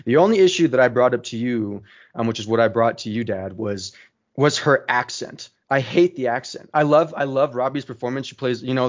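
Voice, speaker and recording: Eager young man, stumbling speech. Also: medium pitch. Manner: eager, stumbling over his words. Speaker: co-host. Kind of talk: casual movie discussion. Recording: dull lo-fi sound.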